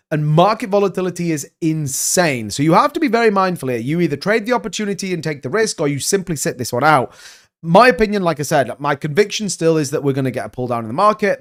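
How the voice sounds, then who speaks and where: A man giving casual crypto market commentary, animated and emphatic, rambling from point to point. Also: a little high.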